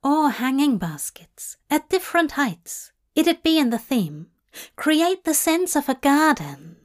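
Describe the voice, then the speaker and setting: A woman voicing Aziraphale, a nervous, eager young man who speaks softly and hopefully, in a fanfic reading. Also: sits high, sing-song, unhurried. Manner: soft-spoken, hopeful.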